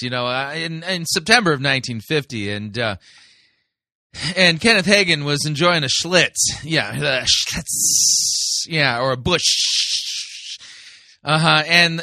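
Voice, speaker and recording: A man's voice: on the high side, bright, forceful tone, no echo, clean studio sound. A man hosting a sermon review, commenting sarcastically and mockingly with lots of fillers.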